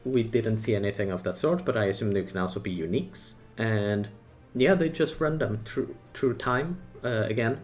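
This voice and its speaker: A man as a gaming content creator, giving casual commentary on a game update in short, excited bursts with his own opinions and asides. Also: medium pitch.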